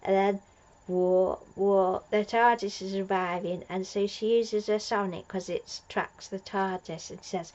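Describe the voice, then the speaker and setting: A woman's voice: medium pitch, steady tone, a little slow, a little mellow, dull audio. A woman recapping an episode as a fan reviewer, gushing and rambling with lots of fillers and restarts.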